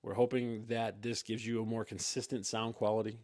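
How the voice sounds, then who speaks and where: Teasing wry podcast host. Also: male voice, fairly low pitch, flat delivery, a little fast, darkish tone. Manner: teasing, wry, leads the talk. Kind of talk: casual chat. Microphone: mic on a stand.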